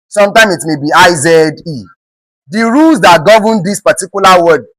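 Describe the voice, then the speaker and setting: Quizzing the class in an exam-prep lesson, this Nigerian-accented English teacher speaks at a medium pitch with a fairly bright tone. Over and over the teacher asks "what?" then answers, spelling words letter by letter and saying them again slowly. The sound is dry and poor.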